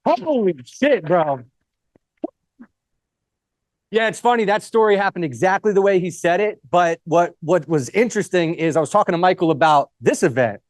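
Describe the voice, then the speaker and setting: A man's voice: high voice, brisk, few pauses, no echo, clean studio sound. A man speaking at a live event, giving a casual motivational talk, joking with the crowd and swearing now and then.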